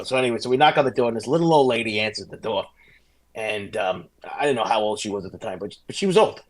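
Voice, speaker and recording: A middle-aged man, a former police sergeant telling animated stories as a guest on a casual podcast. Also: lowish voice. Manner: fast, animated anecdotes with restarts.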